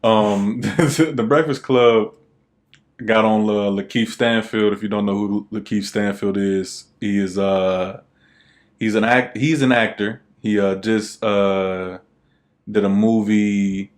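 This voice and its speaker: A man's voice: on the low side, steady tone, takes it slowly. A young man co-hosting a podcast in casual chat, laid-back and rambling with lots of fillers. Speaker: podcast co-host.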